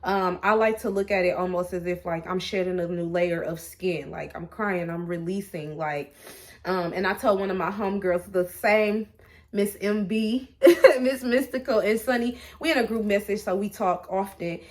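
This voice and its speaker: A woman talks to her viewers in a candid, chatty way, with a voice of middling pitch. She restarts her sentences often and fills pauses with little sounds. Her delivery stays animated and personal. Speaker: vlogger. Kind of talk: casual personal talk to camera.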